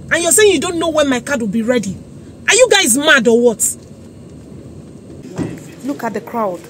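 A woman's voice: high-pitched, big pitch swings, normal speed, long pauses, fairly bright tone. A young Nigerian woman with a Nigerian accent, ranting angrily into her phone in an exasperated vlog outside a busy government office. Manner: indignant, exasperated, repeating herself. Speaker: vlogger. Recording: crowd and traffic noise behind.

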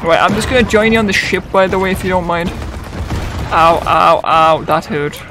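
A young man giving goofy, excitable let's-play commentary, swearing freely and chatting to the characters on screen. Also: high voice, normal speed, music in the background. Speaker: gamer.

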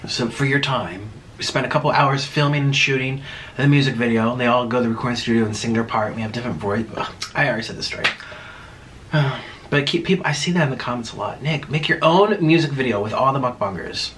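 A man's voice: medium pitch, fast, fairly bright tone, slight background noise. A young man hosting an eating video, chatting and rambling casually with his mouth full. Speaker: mukbang host. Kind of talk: casual chat while eating.

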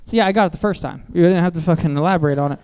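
Here a man in his thirties performs a rapid-fire stand-up set in a comedy theater, his smooth, clear voice a little high for a man through a handheld mic. His filthy family stories come out crude and flat, with self-mocking asides.

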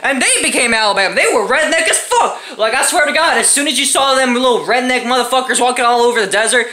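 A woman vlogger rants in a casual, comic ramble, cursing freely and breaking into laughter as she goes. Her voice sits fairly high and bright, with a lively, swooping pitch. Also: fast. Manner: profane, rambling, laughs often. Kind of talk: casual comedic rant.

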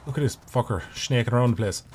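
A man's voice: mid-range voice, fast, a little mellow, slight background noise. Swearing, rambling male game streamer. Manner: profane, rambling, jokey. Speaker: gaming streamer. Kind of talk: casual gameplay commentary.

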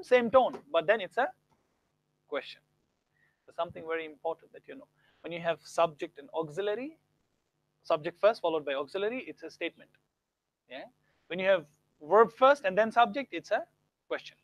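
Man teaching grammar, high voice. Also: expressive, moderate pace, long pauses, dry recording. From India. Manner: explains with exaggerated example tones, rising sharply for questions. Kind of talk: live online grammar lesson.

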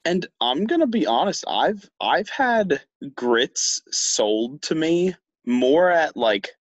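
A young man co-hosting a podcast in casual chat, talking in a slow, halting way with many restarts. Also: on the high side, big pitch swings, no room sound. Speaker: podcast co-host.

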